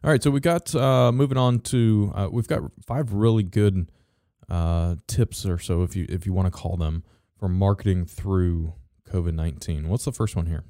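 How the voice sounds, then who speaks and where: A man with a low, mellow voice talks through marketing tips as co-host, stumbling over restarts and fillers as he goes. His delivery is casual, with the odd dry sarcastic aside. The sound is close and dry. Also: no echo. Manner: halting, many fillers and restarts. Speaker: podcast co-host. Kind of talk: casual business chat.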